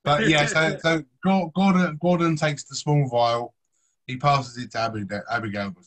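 A man's voice: fairly high pitch, steady tone, moderate pace, a bit bright, rough recording. A man running a tabletop role-playing game, narrating loosely and swearing casually. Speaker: game master.

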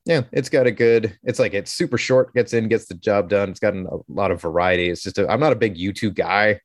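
A man's voice: fairly low pitch, brisk, dry recording, clean studio sound. Jokey Canadian man on a podcast. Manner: rambling, jokey, swears casually. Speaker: podcast co-host. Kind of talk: casual chat.

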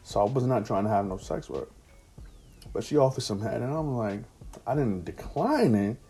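A man's voice: mid-range voice, big pitch swings, moderate pace, dark tone, husky, soft background music. A man casually telling a personal anecdote in slangy, profane street talk. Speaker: storyteller.

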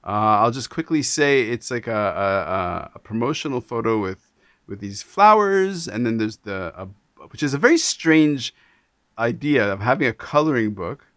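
A man's voice: medium pitch, moderate pace, no echo. Canadian guy hosting a chatty interview, lots of restarts, dead dry mic. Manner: animated, talks in restarts and repeats. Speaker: podcast host. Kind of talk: casual interview chat.

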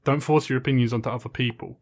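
A man's voice: mid-range voice, rapid-fire. Earnest man making his case on a podcast. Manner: earnest, steady, lays out an argument. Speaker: podcast co-host. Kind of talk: casual chat.

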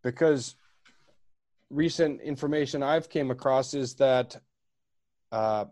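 A man hosts a casual online discussion. He talks in a halting way, stopping and restarting, and throws out questions as he goes. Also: medium pitch, a little mellow.

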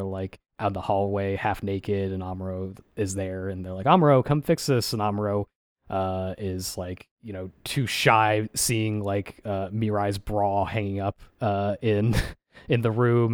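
On the low side and darkish in tone, this male voice comes through in studio quality with no room sound. He's a podcast co-host in easygoing chat, rambling with frequent fillers and acting out quotes from something he watched.

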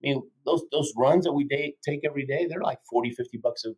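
Fifties male guest, lively motivational storyteller, keeps asking "right?", mid-range voice. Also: medium pitch, fast, husky, rough recording. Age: 50s. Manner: energetic, keeps tagging lines with "right?". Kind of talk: animated storytelling in a podcast interview.

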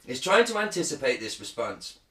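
A man's voice: mid-range voice, very animated, a little fast, sharp tone, roomy sound, slight background noise, poor audio. A man co-hosting a casual podcast, reading a news article aloud and joking and swearing along the way. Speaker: podcast co-host.

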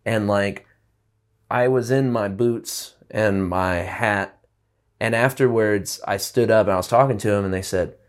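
A man with a somewhat low voice chats casually as a guest musician. He rambles, restarting sentences and leaning on fillers as he thinks aloud. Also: unhurried. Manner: loose and rambling, full of "like" and restarts. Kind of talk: casual interview chat.

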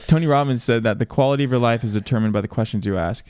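Male co-host, measured and thoughtful, dry close-mic sound. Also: mid-range voice, darkish tone, clear, resonant tone, dry recording. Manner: thoughtful, affirming listener who offers quotes. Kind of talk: casual faith podcast chat.

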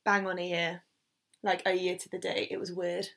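A woman's voice: lowish voice, flat delivery, moderate pace, vocal fry, a bit bright. A young woman in a casual podcast chat who talks candidly and laughs easily.

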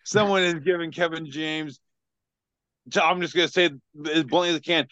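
A man's voice: on the high side, steady tone, moderate pace, fairly bright tone, smooth, dry recording, highs cut off. A man on a casual comedy podcast describing memes with frequent ums and uhs. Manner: hesitant, many ums and uhs. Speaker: podcast regular reading memes. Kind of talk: casual chat. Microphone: video call.

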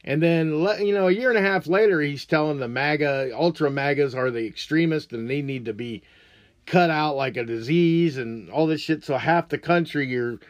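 A man's voice: on the high side, moderate pace, dry recording, lo-fi sound. A man hosting a show, ranting about politics in a blunt, crude, mocking way. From United States. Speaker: podcast host. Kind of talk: profane political rant.

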